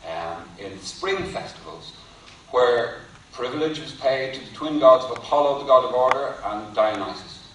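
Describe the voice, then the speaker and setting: A male lecturer talks through an academic point, pausing wryly before his punchlines. He sounds distant from the microphone, with heavy hall reverb and a faint hum of room ambience. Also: medium pitch, a bit bright. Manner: wry, deliberate, builds to punchlines. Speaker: university lecturer. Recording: echoey hall from far off.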